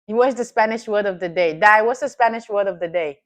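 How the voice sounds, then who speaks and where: A woman's voice: medium pitch, fairly quick. Laughing, teasing live-stream host woman. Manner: laughs often, playful and teasing with chat. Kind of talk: casual live-stream chat.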